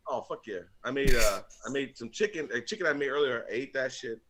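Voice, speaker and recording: A man's voice: brisk, over a noisy crowd. A man telling stories in casual chat, acting out other people and swearing freely. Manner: animated storyteller, acts out others in high squeaky voices, swears freely. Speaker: podcast panelist.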